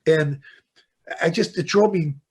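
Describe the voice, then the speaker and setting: A man in his sixties with a Chicago accent, a veteran fire chief telling lively stories as a podcast guest and slipping into impassioned rants. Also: a little high, unhurried, slightly rough. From Chicago, United States. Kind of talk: casual podcast interview.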